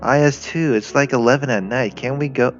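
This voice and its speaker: A man's voice: mid-range voice, fairly quick, close to an everyday voice. A man voicing a young male German tank commander, sarcastic, flustered and grumbling. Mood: annoyed. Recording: lo-fi with faint music.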